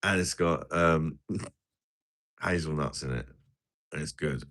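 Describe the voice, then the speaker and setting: Deep British guy rambling over drinks. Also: takes it slowly, a bit bright. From Britain. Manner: rambling, jokey banter with frequent laughs. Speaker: live-stream host. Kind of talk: casual live-stream chat while drinking.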